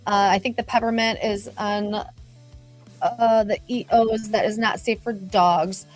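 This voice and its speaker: A woman's voice: mid-range voice, fairly even intonation, unhurried, faint music behind. A middle-aged woman hosting a casual live stream, chatting upbeat and greeting viewers by name as she reads the chat. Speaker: livestream host reading viewer chat.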